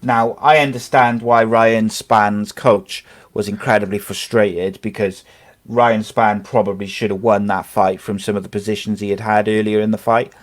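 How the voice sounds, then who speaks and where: A man hosting a casual sports podcast, talking in a rambling way with many fillers and restarts. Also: on the low side. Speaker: podcast host.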